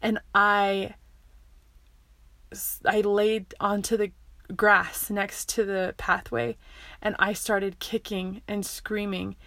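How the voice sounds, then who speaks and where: A woman's voice: mid-range voice, flat delivery, slow pace, vocal fry, pauses often, a bit bright, no room sound. Rambling woman telling a story, dry sound. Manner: rambling, full of likes and restarts. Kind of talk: casual personal storytelling.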